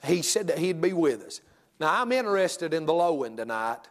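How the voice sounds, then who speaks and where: A man's voice: a little high, expressive, normal speed, in a large hall. A man preaching a sermon, telling a folksy story with stammering restarts and rising to fervent preaching. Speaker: pastor.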